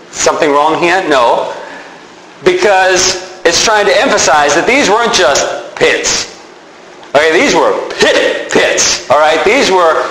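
Guy giving a sermon, kinda high voice, chatty, echoey room w faint hum. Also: a bit bright. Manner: conversational, explains with repeated examples. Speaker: pastor.

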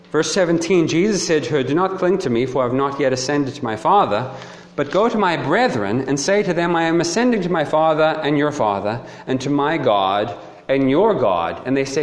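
Guy preaching a sermon, pitch jumping all over, big echoey hall sound. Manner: lively, emphatic, with short laughs. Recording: echoey hall with long reverb.

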